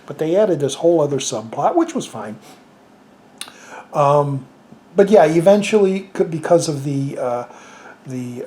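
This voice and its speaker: A man talks through a casual spoken review, rambling and restarting his sentences with plenty of fillers. He sounds amused by what he describes. His voice sits at an ordinary middle pitch, with a faint hiss behind it. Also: dark tone. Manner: amused, chuckles at the film. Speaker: movie reviewer.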